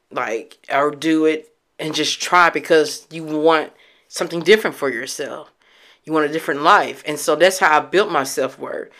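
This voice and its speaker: A woman's voice: sits low, fairly bright tone. A young adult woman talking candidly to her viewers about her healing journey, teary from having just cried. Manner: candid, emotional, speaks straight to her viewers. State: teary from recent crying. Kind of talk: casual heartfelt talk to camera.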